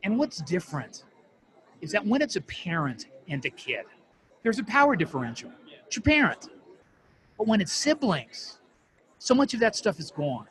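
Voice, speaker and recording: A man's voice: high-pitched, sing-song, normal speed, long pauses, a bit bright. A man who counsels families dealing with addiction, telling a heartfelt story in an interview in an earnest way. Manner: earnest, heartfelt, moved to emotion.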